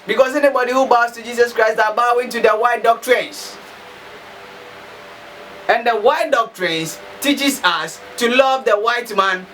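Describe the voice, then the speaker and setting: A man's voice: high-pitched, bright, forceful tone. A man from Africa delivering an impassioned, emphatic monologue full of repetition and rhetorical questions. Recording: slightly distant mic, faint background noise.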